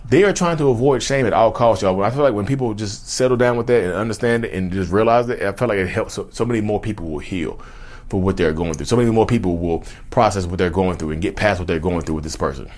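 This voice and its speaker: Low-voiced man preaching to viewers. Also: fast talker, darkish tone. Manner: repetitive, preachy, addresses viewers as y'all. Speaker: channel host. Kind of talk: casual monologue to camera.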